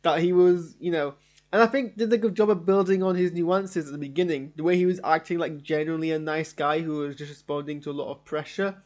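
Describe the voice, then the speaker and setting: A man's voice: fairly high pitch, steady tone, brisk, darkish tone, highs cut off. A man streaming a live show reaction from his home studio, rambling and enthusiastic as he talks it through.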